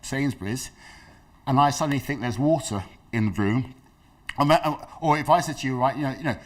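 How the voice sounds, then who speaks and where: A man's voice: mid-range voice, brisk. A middle-aged man giving a dementia awareness talk, telling stories and acting out the people in them. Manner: lively storytelling, acts out quoted voices. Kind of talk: health talk to an audience.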